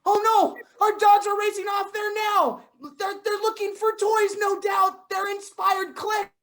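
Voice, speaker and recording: A young woman improv performer playing an excitable dog owner at a park, animated and prone to shouting. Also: high voice, unhurried.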